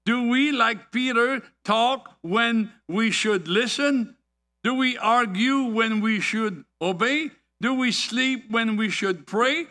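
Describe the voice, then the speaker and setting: Slow, bright-voiced male preacher. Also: very high voice. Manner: deliberate preaching with rhetorical questions and anecdotes. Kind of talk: sermon.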